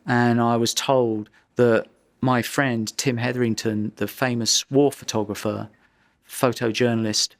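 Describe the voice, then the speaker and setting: A man's voice: mid-range voice, flat delivery, a little slow. A man, a photographer, telling a vivid anecdote in an interview, often restarting his sentences as he goes. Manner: vivid, dramatic storytelling with frequent restarts.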